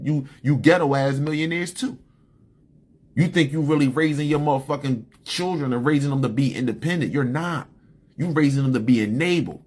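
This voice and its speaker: A man ranting profanely and heatedly on a casual live stream, his voice climbing high when he gets worked up. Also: breathy edge. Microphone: phone.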